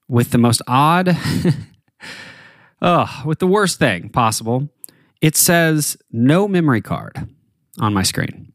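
Man, podcast host, chatty storyteller, mid pitch, dry recording. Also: dry recording. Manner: chatty, animated storyteller with fillers. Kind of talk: casual storytelling.

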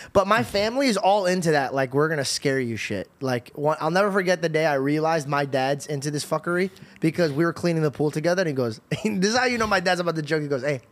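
A man's voice: on the high side, fairly quick. A young man hosting a podcast in casual chat, joking around and acting out quotes as he tells stories. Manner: loose, joking storyteller who acts out quotes. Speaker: podcast host.

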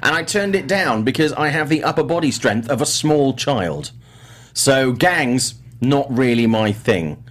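A man's voice: mid-range voice, expressive, measured pace. A middle-aged man with an English accent, hosting a casual movie chat show, rambling and self-deprecating with many fillers. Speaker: host.

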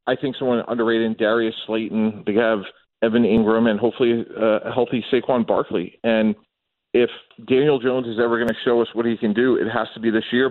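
A man speaking as a football analyst guest on a radio show, in a measured, analytical way. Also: mid-range voice, no room sound. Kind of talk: sports radio talk. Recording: tinny phone-line sound.

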